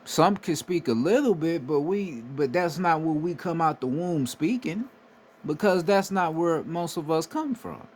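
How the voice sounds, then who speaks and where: An American man with a slightly high, expressive, somewhat mellow voice talks unhurriedly, with slight background noise. As a spiritual commentator, he gives a casual, emphatic monologue, cursing freely and frequently asking "right?" for emphasis.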